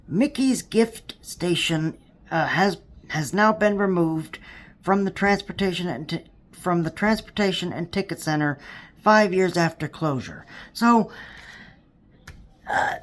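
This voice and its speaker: A woman vlogging about theme park news in casual commentary, rambling with many fillers and repeated words, sounding exasperated. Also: on the low side.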